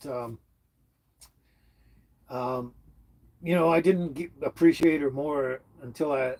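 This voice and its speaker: A man in his seventies from Canada chats casually on his livestream, rambling while he reads out what viewers have written. His voice sits at a medium pitch, a little mellow and husky.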